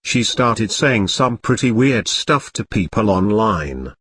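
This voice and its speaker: A man's voice: fairly low pitch, big pitch swings, slow pace, fairly bright tone, husky. Matter-of-fact male comedy narrator.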